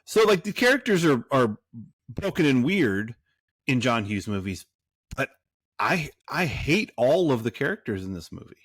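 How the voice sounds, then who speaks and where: A man's voice: medium pitch, sing-song, normal speed, dry recording, clean studio sound. A man co-hosting a movie podcast in casual chat, rambling and cursing, full of fillers and restarts. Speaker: podcast co-host.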